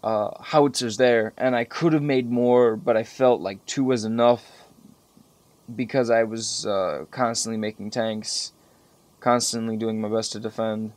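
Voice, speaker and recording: A man's voice: on the low side, a little slow. Profane rambling young man recapping a strategy game. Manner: profane, rambling, animated when recalling frustration. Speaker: gameplay commentator. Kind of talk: casual gameplay commentary over recorded footage.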